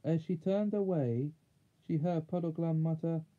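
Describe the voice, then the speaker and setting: A man reading a children's fantasy chapter book aloud in a measured way, now and then correcting small slips. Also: on the high side, dark tone. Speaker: audiobook reader. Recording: tinny phone-like sound.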